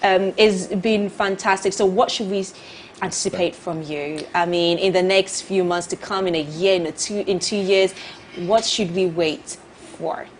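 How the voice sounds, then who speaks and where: A woman's voice: on the low side, fairly even intonation, moderate pace, a little hiss or hum. A woman co-hosting a morning show, chatty and effusive with praise for her guest. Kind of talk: lively morning show chat.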